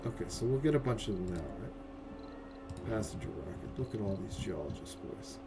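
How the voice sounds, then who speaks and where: A man's voice: fairly low pitch, moderate pace, very noisy. A man casually commenting on a game as he streams it, cursing freely, talking to his chat and tagging "right?" onto his sentences. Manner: profane, excitable, talks to chat, keeps asking "right?".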